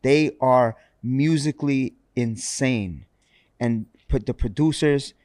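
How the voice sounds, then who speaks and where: A man's voice: medium pitch, slow pace, darkish tone, dry recording, studio quality. A man in an interview clip, speaking emphatically and firmly. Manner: emphatic, firm.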